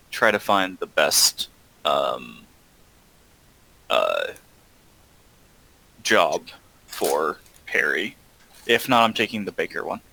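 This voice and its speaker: A man's voice: fairly low pitch, sharp tone, poor audio. A man taking part as a player in a tabletop game, talking casually and hesitantly. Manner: slow, hesitant.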